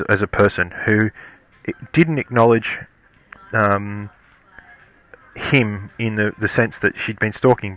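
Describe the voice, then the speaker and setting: A man tells a casual story and keeps circling back, stumbling and restarting his sentences. His voice sits a little low but sounds bright and forceful. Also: no room sound. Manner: rambling, halting, many restarts. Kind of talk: casual anecdote.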